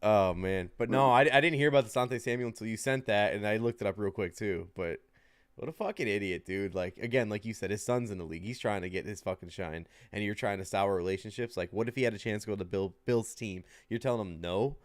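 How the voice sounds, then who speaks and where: A man's voice: fairly low pitch, fast, no echo. A man co-hosting a sports betting podcast, rambling loosely with frequent laughs and swearing. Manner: rambling, laughing often, profane. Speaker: podcast co-host. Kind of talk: casual sports chat.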